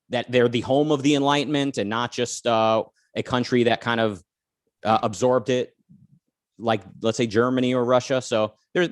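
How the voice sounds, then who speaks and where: A man's voice: mid-range voice, dry recording, clean studio sound. An American man co-hosting a talk show, chatting casually with many fillers and restarts and reading out viewer comments. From United States. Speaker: podcast co-host.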